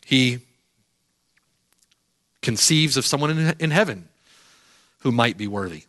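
A man's voice: mid-range voice, animated, takes it slowly, a bit bright. A middle-aged man preaching a sermon emphatically, repeating phrases for weight. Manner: emphatic, repeats phrases, rises and falls sharply.

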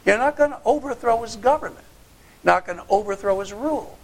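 A male pastor preaching a sermon, pressing his hearers with sharp rhetorical questions and shifting between loud challenge and quiet, low asides. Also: lively intonation, fairly quick.

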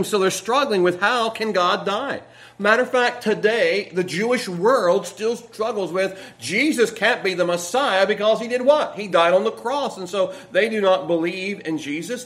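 High-voiced preacher. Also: male voice, fairly bright tone. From United States. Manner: earnest, reads scripture aloud and asks the congregation questions. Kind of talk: sermon.

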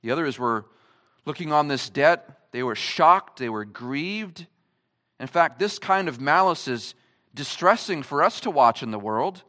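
High, lively-voiced male preacher. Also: a little slow. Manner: emphatic, asks the congregation many rhetorical questions. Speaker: pastor. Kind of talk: sermon. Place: church service.

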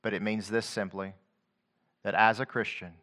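Bright-voiced man preaching a sermon. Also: flat delivery, normal speed. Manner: swings from quiet low passages to loud rising declamation; quotes scripture in a rhythmic preaching cadence.

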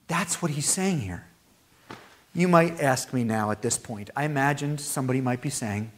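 A man preaching a sermon as pastor, with animated delivery that climbs to high, emphatic peaks. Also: moderate pace.

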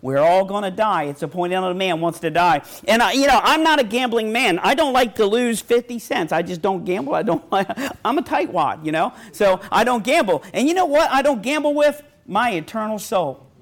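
High-voiced folksy preacher man. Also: lively intonation, moderate pace. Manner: folksy storytelling preacher, quotes scripture, stammers on restarts. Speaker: pastor. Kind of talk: sermon.

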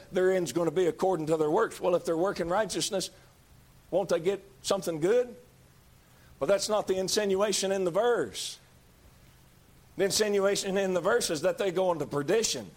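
A man preaching a sermon in a folksy, emphatic way, rising to shouts at times. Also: high voice, moderate pace.

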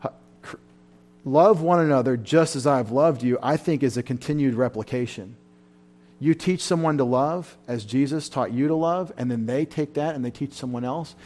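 A man preaching a sermon at a Bible study, fervent and emotional, his voice rising loud and then dropping back. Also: medium pitch, normal speed. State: tired. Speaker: pastor.

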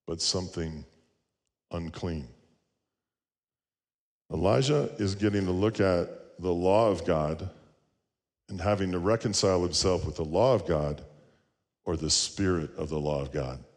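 A man's voice: low voice, a little slow, pauses often, long reverb tail. A male pastor preaching a sermon, earnest and storytelling, with rhetorical questions.

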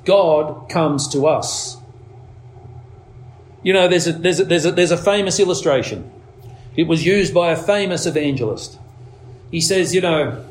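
A man preaching a sermon, leaning on words slowly for emphasis and climbing to urgent, raised passages. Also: slight background noise. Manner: preaching with slow emphatic stresses, rising to urgent highs.

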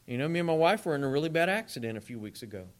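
A man delivers a sermon in a chatty, animated way, talking straight to his congregation. His voice sits a little high and swings widely in pitch as he preaches. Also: very fast.

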